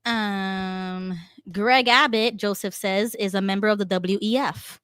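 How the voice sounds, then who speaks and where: A woman's voice: mid-range voice, fairly even intonation, unhurried, fairly bright tone, smooth, dry recording. A woman co-hosting a casual political talk stream, chatting, laughing often and reading out viewer comments. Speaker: co-host.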